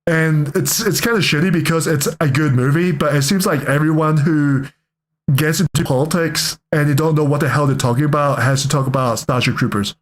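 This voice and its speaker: A man's voice: fairly high pitch, steady tone, brisk. A young man giving casual reaction commentary, rambling and joking, often correcting himself mid-sentence. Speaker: reaction streamer.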